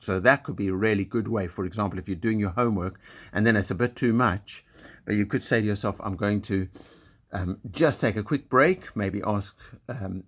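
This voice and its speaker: A man with a lowish voice gives a school assembly talk to young pupils. He speaks gently and simply, building up their confidence. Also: moderate pace.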